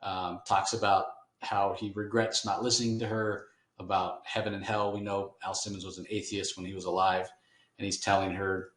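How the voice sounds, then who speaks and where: A man hosting a podcast, giving a rambling, relaxed recap of a comic book issue. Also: low voice, moderate pace. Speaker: podcast host. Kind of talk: casual comic book discussion. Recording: roomy echo.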